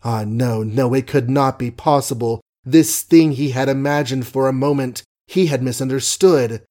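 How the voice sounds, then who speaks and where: A man reading a novel aloud as an audiobook narrator, measured, wry and ornate. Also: mid-range voice, mellow.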